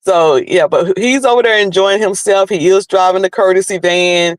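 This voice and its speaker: High-voiced North Carolina man, rambling. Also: normal speed, no room sound, rough recording. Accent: North Carolina Southern. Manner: rambling, chatty, many restarts. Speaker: livestream host. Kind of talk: casual commentary while driving. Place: in a car.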